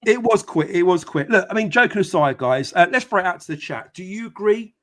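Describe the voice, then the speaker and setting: A man's voice: sits high, expressive, fairly quick, fairly bright tone. Chatty man hosting a live stream. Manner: chatty, many fillers, greets viewers by name. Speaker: podcast host. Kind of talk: casual live-stream chat.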